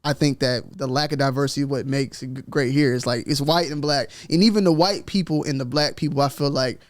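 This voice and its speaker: A man's voice: mid-range voice, fairly quick. A man hosting a podcast in casual chat, a little tipsy, telling stories loosely and mimicking other people's voices. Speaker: podcast host.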